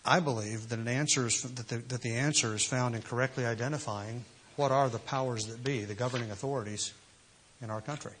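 A man's voice: mid-range voice, fairly even intonation, a little fast, a bit bright, a little hiss or hum. A man preaching a sermon, emphatic and full of rhetorical questions. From United States. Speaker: pastor.

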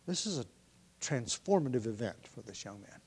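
Guy preaching a bible study sermon, chatty, lots of ums and restarts, clears his throat a lot. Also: mid-range voice, big pitch swings, moderate pace, a little mellow. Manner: conversational, thinking aloud with many ums and restarts, clears throat often. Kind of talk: sermon, verse-by-verse Bible teaching.

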